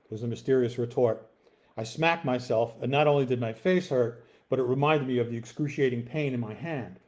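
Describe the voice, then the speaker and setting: A man reading from his own novel in the first person, at an easy, unhurried pace. His voice sits in an ordinary middle pitch, and his reading is relaxed and plain. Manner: relaxed, with fillers in the intro.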